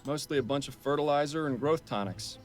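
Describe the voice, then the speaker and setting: An actor voicing a serious, to-the-point detective in a game, speaking in a dry, measured way. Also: male voice, a little high, soft background music, close to an everyday voice. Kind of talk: voiced game dialogue.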